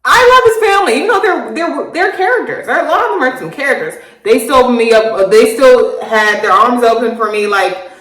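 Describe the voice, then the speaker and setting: A woman in her thirties telling a casual storytime, animated, laughing often and swearing freely. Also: fairly high pitch, a little fast. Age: 30s. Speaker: vlogger. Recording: roomy echo.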